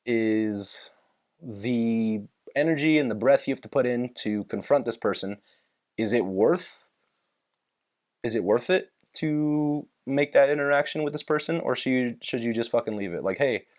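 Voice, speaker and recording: A man's voice: mid-range voice, a little slow, a little mellow. A young man hosting a podcast in casual chat, rambling and swearing freely as he works through his thoughts and retells movie scenes. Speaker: podcast host.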